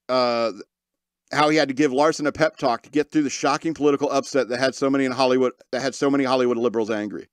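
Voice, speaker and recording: In a studio-quality recording with no echo, a man with a clean, mid-range voice hosts a podcast. He reads out news stories and slips into sarcastic, mocking asides in this comedic commentary.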